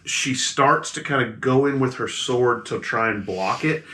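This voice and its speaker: A man's voice: medium pitch, unhurried, pushed and bright. A man narrating as game master of a tabletop game, describing the action vividly and adding sound effects. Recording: echoey room.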